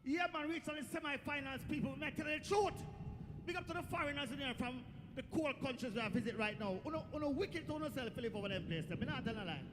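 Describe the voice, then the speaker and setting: A Jamaican man performing stand-up comedy on a festival stage, with a very high voice and loud, lively storytelling. The sound rings with a long echo, and faint noise sits under it. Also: fast.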